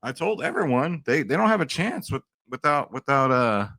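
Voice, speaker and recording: A man in his forties hosting a sports betting vlog, rambling and excitable in casual chat to camera. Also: medium pitch, moderate pace, few pauses, no room sound. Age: 40s.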